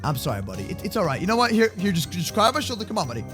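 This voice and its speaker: Male roleplay host with a very high, lively, bright voice. Excitable and slangy, shouts a lot. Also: very fast, faint music behind. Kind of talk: playful game roleplay narration.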